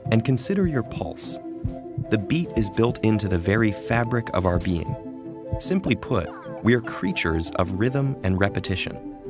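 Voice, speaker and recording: A man giving calm, measured scripted narration for an educational lesson. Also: fairly low pitch. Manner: calm, measured, slows for quoted verse. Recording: soft music underneath.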